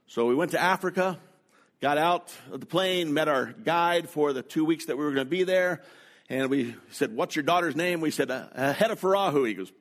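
Slow, storytelling middle-aged male pastor. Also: on the high side. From North America. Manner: slow, deliberate, anecdotal delivery. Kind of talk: sermon storytelling.

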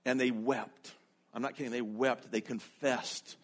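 A man preaching as a pastor, telling a story in a sermon with an animated, rising delivery for quoted lines. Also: medium pitch, unhurried, breathy edge. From North America.

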